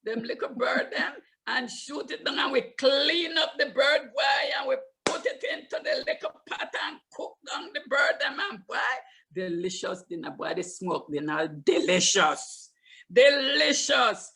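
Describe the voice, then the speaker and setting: Here an older woman from Limón, Costa Rica, shares childhood recollections in her Limón Creole English accent. She sounds high and creaky, keeps a moderate pace, and animatedly repeats words for emphasis as a storyteller.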